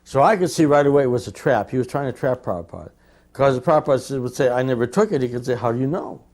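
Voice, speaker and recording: Man, devotee telling a story, lively storyteller, acts out the quotes, mid-pitched voice. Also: fast. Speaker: devotee recalling memories. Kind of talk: personal anecdote telling.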